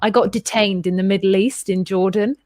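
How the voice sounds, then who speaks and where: A woman in casual podcast chat, telling a story with energy and switching into quick voices for the people she quotes. Her pitch sits in a middle range for a woman. The recording is close and dry, with almost no room sound. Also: steady tone, a little mellow, no echo. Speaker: podcast co-host.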